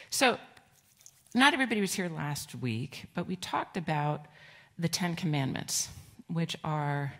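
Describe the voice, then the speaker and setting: A middle-aged woman pastor giving a children's sermon in a church, gentle and conversational, asking the children questions. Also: sits low. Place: church sanctuary.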